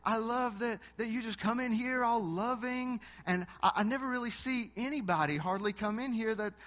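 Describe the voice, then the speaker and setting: A man voicing a friendly, excited male gas station clerk who talks effusively. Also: very high voice, moderate pace, pitched above the performer's own voice. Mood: delighted. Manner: enthusiastic, effusive.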